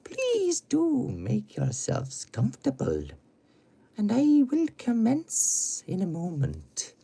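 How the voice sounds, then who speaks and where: Brief: theatrical Scottish fortune-teller, as a man puts one on, lofty and slow. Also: wildly swooping pitch, vocal fry, dark tone, breathy edge, full character voice. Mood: grandiose. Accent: put-on Scottish. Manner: grand, slow, high announcing. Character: theatrical Scottish mystic announcing tarot.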